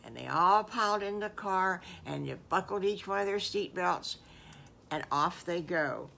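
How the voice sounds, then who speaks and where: Slow, folksy older storytelling woman. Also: lowish voice, gravelly, a little hiss or hum. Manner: folksy, animated, with asides to listeners. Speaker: storyteller grandmother. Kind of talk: improvised children's story narration.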